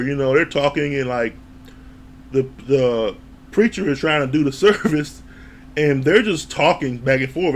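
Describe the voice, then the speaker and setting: Rambling male reviewer with a slightly high voice and an easy, chatty manner. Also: a little hiss or hum. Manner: rambling and chatty, with frequent laughs. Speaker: TV show reviewer. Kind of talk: casual episode recap.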